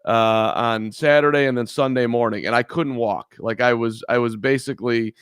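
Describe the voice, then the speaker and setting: A man's voice: medium pitch, normal speed, a bit bright, clean tone, no echo, studio quality. A man co-hosting a casual sports podcast, telling a rambling story with lots of restarts. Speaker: podcast co-host. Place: in Chicago.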